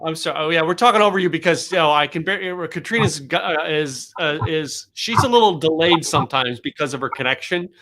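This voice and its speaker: Bright-voiced man co-hosting a business podcast. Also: a little high. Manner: halting, repeats words and restarts. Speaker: podcast co-host. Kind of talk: casual business talk.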